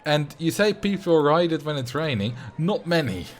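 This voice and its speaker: A man's voice: fairly high pitch, very animated, normal speed. A man streaming a game live, chatting casually and rambling as he answers his chat. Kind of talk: casual live gameplay commentary. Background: faint game music.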